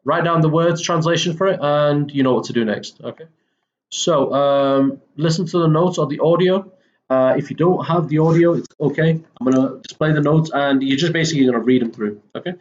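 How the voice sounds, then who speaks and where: A man's voice: fairly high pitch, brisk, lo-fi sound. A man walking students through a textbook English lesson in a casual way, with many fillers and self-corrections. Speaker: English teacher. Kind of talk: recorded textbook lesson walkthrough.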